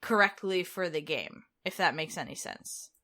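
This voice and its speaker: A woman with a bright, sharp-edged voice talks on a casual podcast. She is anxious and self-doubting as she explains herself, and quick to tease the others. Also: on the low side. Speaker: podcast co-host. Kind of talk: casual chat.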